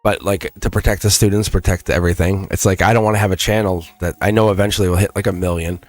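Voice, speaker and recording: A man's voice: deep voice, steady tone, quick pace, dry recording, faint music behind. A man with a Boston accent giving a casual, rambling livestream tarot reading, restarting phrases and chuckling. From England.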